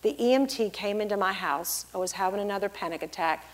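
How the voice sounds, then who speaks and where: A middle-aged pastor's wife giving a lively church testimony, acting out the people she quotes. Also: mid-range voice, fast. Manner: storytelling, acts out the people she quotes in big, loud voices.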